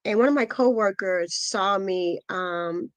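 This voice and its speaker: A middle-aged woman giving a guest interview, telling a painful personal story in an earnest, halting way full of pauses and fillers. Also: mid-range voice, no room sound. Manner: earnest, intense retelling. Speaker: guest, asthma foundation founder. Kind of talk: emotional personal testimony.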